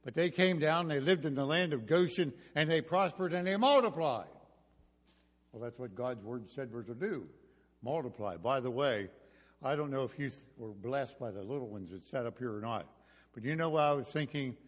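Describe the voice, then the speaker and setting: An older man preaching a sermon in a church, telling homespun stories with gentle jokes. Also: medium pitch, expressive, normal speed. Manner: folksy storytelling with jokes. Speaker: pastor. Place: church sanctuary. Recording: reverberant church hall.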